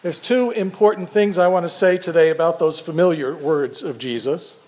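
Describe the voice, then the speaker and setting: An older man, a pastor, preaching a sermon in a measured, earnest way with gentle humor. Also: a little high.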